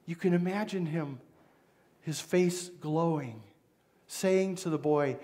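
A pastor with a Midwestern American accent preaching a sermon, retelling the story dramatically and voicing its figures. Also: male voice, fairly high pitch, slow pace, long pauses, mellow.

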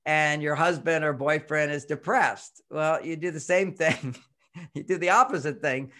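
A man's voice: a little high, measured pace. A man who writes on relationships, talking in a casual interview, acting out quoted voices and chuckling as he explains. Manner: animated, acts out quoted voices, chuckles often. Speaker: relationship author and expert guest.

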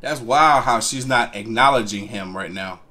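A man hosting a reaction video, commenting on clips in an incredulous, animated way. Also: fairly low pitch, moderate pace.

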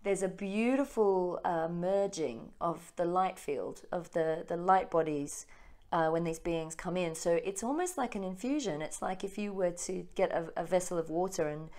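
Fast-talking Australian woman. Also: lowish voice, a little mellow. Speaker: co-host. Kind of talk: casual spiritual chat.

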